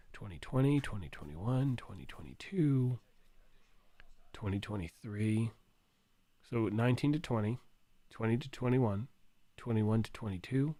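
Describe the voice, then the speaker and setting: A man hosting a gaming livestream, hoarse and losing his voice, rambling and thinking out loud while reading chat. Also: on the low side, no room sound.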